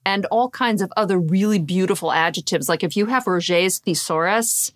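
A woman's voice: lowish voice, normal speed. Chatty Boston woman co-hosting. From Boston area. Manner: chatty, animated storytelling with rambling restarts. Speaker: podcast co-host, coach. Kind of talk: casual chat.

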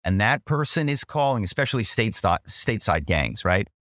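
A man's voice: on the low side, very animated, normal speed, fairly bright tone, dry recording, studio quality. A man talking as a guest in an interview, making emphatic points and repeating phrases for emphasis. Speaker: guest, former corporate spy. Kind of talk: interview conversation.

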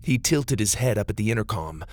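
A man narrating a children's story in a gentle, steady storytelling manner. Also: lowish voice, fairly quick, no room sound.

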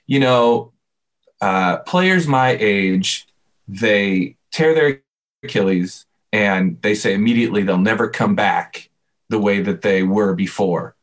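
Male co-host, animated storyteller recapping a game moment by moment. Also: fairly low pitch, takes it slowly. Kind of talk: casual sports chat.

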